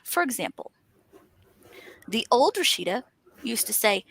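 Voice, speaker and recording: A woman's voice: a little high, expressive, moderate pace, vocal fry, pauses often, fairly bright tone, dry recording. A woman talking in an earnest, encouraging way, stacking up emphatic lists. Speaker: author and panel host. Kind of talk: motivational casual chat.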